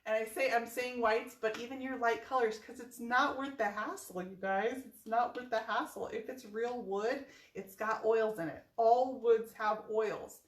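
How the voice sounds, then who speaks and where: A woman's voice: fairly high pitch, steady tone, moderate pace. Chatty woman teaching in an echoey room. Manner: chatty and playful, repeats key tips. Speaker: furniture painting host. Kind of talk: casual painting tutorial. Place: home workspace.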